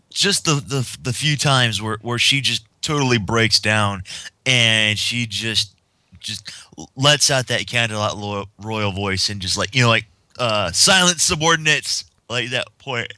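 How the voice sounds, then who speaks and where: A man's voice: lowish voice, pushed and bright, clear, resonant tone, no room sound. A man hosting a casual podcast chat, sleepy and hesitant, often restarting his sentences. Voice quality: hesitant, lots of restarts and fillers. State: sleepy, yawning. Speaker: podcast host.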